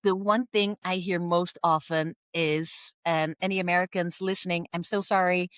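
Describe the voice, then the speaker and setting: Lively woman coach, dry close sound. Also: moderate pace, smooth, no echo. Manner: lively, acts out quoted voices with big pitch swings. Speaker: intercultural communication coach. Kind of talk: podcast interview.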